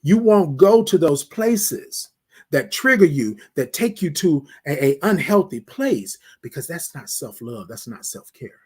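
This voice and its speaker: Husky-voiced man preaching self-love. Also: a little high, sing-song, unhurried. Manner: preacherly, repeats phrases, drops to near whisper on refrains; addresses listeners as "y'all". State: emotional. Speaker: host. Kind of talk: motivational morning talk.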